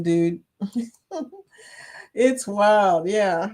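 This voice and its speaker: Slow-paced but lively in her intonation, a Chicago woman with a medium-pitched, darkish voice reads chat comments aloud during a relaxed livestream, laughing often.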